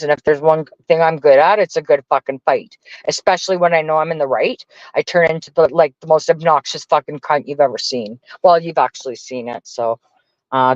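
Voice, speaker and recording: A woman's voice: low voice, darkish tone, dry recording. A woman livestreaming, ranting in a heated, profane, rambling way to her chat. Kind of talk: casual live-stream rant. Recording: dull dry lo-fi stream audio.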